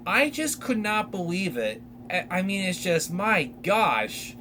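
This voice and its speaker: Young male podcast host with a high voice, unhurried, rambling and excitable as he recaps a movie. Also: noisy background. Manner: animated, rambling retelling with many fillers. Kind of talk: casual solo film recap.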